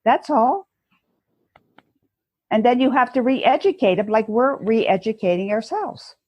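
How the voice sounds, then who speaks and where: A woman guest speaking earnestly in a conversational interview, telling stories and acting out inner voices, with a husky voice. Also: fairly high pitch, a little slow, no room sound, dull audio. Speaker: guest educator.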